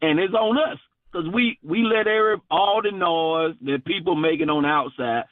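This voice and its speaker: A man's voice: on the high side, normal speed, no echo. A man calling in to a sports talk show, emphatic and folksy, repeating his points. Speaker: regular sports caller. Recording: dry, tinny phone line.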